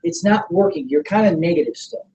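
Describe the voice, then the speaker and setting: A middle-aged man leading a motivational sales training seminar. He coaches with energy, keeps checking that the room is following, and acts out sample pitches. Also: lively intonation, brisk, dark tone, highs cut off, a little hiss or hum. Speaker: network marketing trainer.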